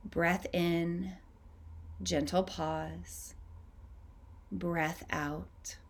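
Female host, calm unhurried meditation guide, slightly low voice, long soft pauses. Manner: slow, gentle, soothing guidance with long pauses. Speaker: podcast host leading a breathing practice.

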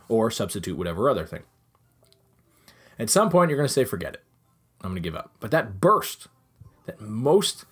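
A young adult man who trains dogs and hosts a podcast, explaining things in a lively way and repeating phrases for emphasis. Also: fairly low pitch. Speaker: dog trainer and podcast host. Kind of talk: solo podcast monologue.

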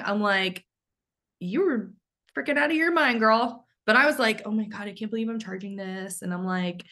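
A woman hosts a relaxed podcast with a bright, forceful voice. She is candid and swears casually, and she laughs at her own stories. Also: mid-range voice. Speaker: podcast host.

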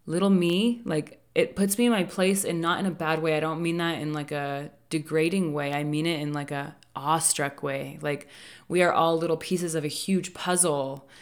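A woman's voice: sits low, fairly even intonation, moderate pace. A woman who is a business coach hosting a solo podcast, talking casually and earnestly with many fillers and light laughs.

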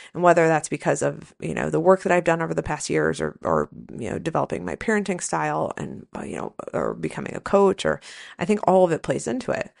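A woman's voice: sits low, creaky. A woman hosting a casual solo podcast, telling a rambling story in a candid, profane way. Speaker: podcast host, nurse and coach.

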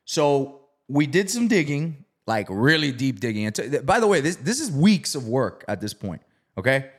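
A man's voice: medium pitch, sing-song, normal speed. A man casually telling a story, swearing freely and acting out the people he quotes. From South Florida. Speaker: real estate investor.

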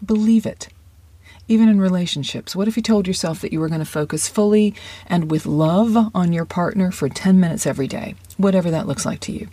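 Acting coach, lesson monologue, warm mellow tone, dry recording. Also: medium pitch, dry recording. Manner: conversational, encouraging, drops into quick inner-voice asides. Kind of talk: podcast-style lesson monologue.

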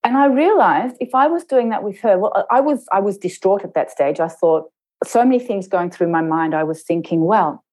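A middle-aged woman, an intercultural trainer, telling a personal story in a reflective interview and slowing down to stress her points. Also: mid-range voice, expressive, darkish tone, rough recording. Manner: measured, slows down to stress points.

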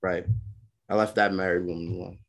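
A man's voice: low voice, brisk, gravelly. Laid-back young man telling stories. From Brooklyn. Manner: animated, laughing, acts out voices in quotes. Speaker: podcast co-host. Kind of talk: casual storytelling chat.

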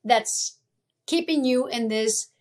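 A woman from Italy and Venezuela talks as a coach in an interview. Her voice sits a little high. She is emphatic and keeps repeating her main points in motivational talk. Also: takes it slowly. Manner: emphatic, repeats key phrases. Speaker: guest, life coach.

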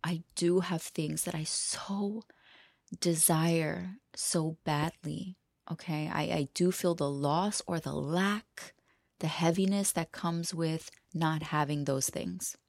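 Podcast host, woman, low gravelly voice, rambling confessional chat, dry close sound. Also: fairly even intonation, takes it slowly, dry recording. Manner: rambling, laughs often, drops to a hushed whisper at times. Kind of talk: casual freestyle monologue.

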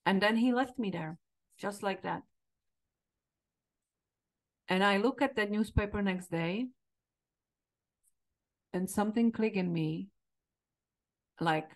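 A middle-aged woman with a Czech accent tells a personal story in a candid, reflective way. Her voice sits at a medium pitch, and she is a podcast host speaking in her second language. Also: takes it slowly, long pauses. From Czech Republic. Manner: candid, reflective, quoting herself with emotion.

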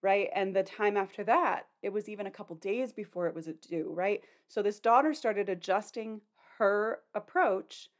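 Earnest middle-aged woman podcast host. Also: medium pitch. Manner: earnest, conversational, many "you know" and "like" fillers. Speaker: parenting coach and podcast host. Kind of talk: podcast talk.

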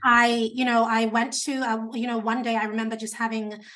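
Woman, high voice, animated interview guest giving speaking advice. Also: fairly quick. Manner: animated, chatty, self-described natural talker.

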